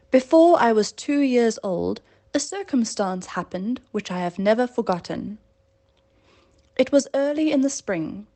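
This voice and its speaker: A woman's voice: fairly high pitch, a little mellow. A woman reading a classic story aloud in a plain conversational way, correcting her slips as she goes. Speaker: reader.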